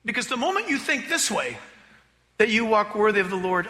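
A male pastor preaching a sermon, emphatic, slowing down to read scripture aloud and mimicking voices to make his points. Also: high voice, very animated, creaky, bright, forceful tone, long reverb tail.

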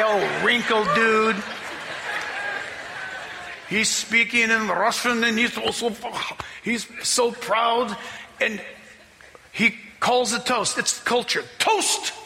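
A man preaching a sermon as pastor, telling a story in an animated way and acting out the people he quotes. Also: sits high, creaky, long reverb tail, a little hiss or hum. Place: church.

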